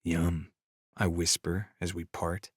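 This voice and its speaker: A man's voice: on the low side, moderate pace, no room sound. A man narrating a first-person romance audiobook with easygoing storytelling on a close studio mic.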